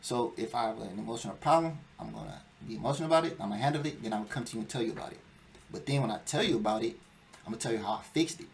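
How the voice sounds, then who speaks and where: A man's voice: lowish voice, racing, vocal fry, a little hiss or hum. A young man hosting a casual dating talk show, laying out his views emphatically and acting out whiny quotes. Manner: emphatic, lecturing, acts out quoted whining. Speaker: podcast host. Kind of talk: casual chat.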